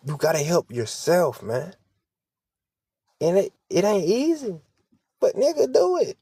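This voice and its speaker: A man's voice: sits high, huge pitch swings, unhurried, warm tone, breathy edge, no echo. A man vlogging in a heated, preachy monologue, swearing freely and close to tears. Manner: impassioned, preachy, profane. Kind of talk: emotional direct-to-camera monologue.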